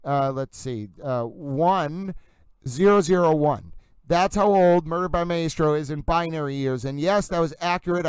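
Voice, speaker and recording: A man hosts a live stream, shouting out chat names with playful, theatrical flourishes. His voice is very smooth and clear, sitting a little high, and the sound is close and dry with no room around it. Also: dry recording, low-quality recording. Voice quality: playful, theatrical, calls himself towel. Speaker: livestream host.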